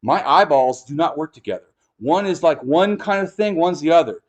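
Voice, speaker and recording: A middle-aged man from Los Angeles talks in a loose, casual chat. His voice sits high and swings widely in pitch. He is emphatic and profane. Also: expressive, moderate pace, muffled recording. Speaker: host.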